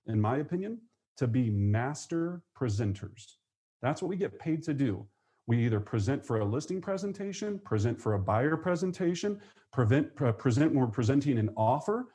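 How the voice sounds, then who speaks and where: Male webinar coach, mid-pitched, upbeat, slips into playful voices to act out calls. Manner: energetic, acts out phone calls in quick voices. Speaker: real estate trainer. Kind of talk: live webinar teaching.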